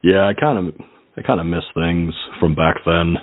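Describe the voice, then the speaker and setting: Low-voiced man hosting crude call-in radio. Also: normal speed, no echo. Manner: crude jokes, frequent laughter, rambling. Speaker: radio show host. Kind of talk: casual call-in radio banter. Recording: tinny phone-like line.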